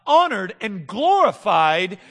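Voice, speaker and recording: A man in his thirties preaching a sermon as pastor, moving between soft, intimate talk and loud, emphatic passages. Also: high-pitched, very animated, takes it slowly, big-room sound.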